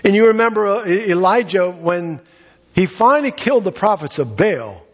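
Husky male preacher in a reverberant hall. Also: sits high, expressive, moderate pace. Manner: storytelling with rhetorical questions to the congregation. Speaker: pastor. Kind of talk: sermon. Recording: reverberant hall, dull muffled sound.

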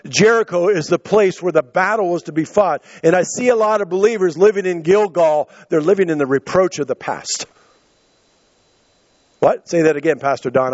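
A man's voice: a little mellow, no room sound, muffled recording. A male pastor preaching a sermon, out of breath, acting out quotes and stumbling over restarts as he presses his points. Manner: impassioned preaching, acting out quotes with rising pitch, stammering restarts.

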